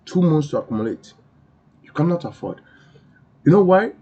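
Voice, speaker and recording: Insistent husky man hyping crypto. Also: fairly high pitch, big pitch swings, moderate pace, mellow. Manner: insistent, repetitive, preachy. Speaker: crypto channel host. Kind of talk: emphatic crypto commentary. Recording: dull lo-fi recording.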